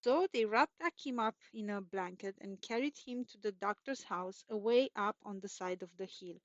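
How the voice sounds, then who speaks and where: A woman's voice: medium pitch, moderate pace, dry recording. Woman storyteller, children's story reading, lilting repetitive telling, dry close sound, muffled. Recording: dull, dry recording.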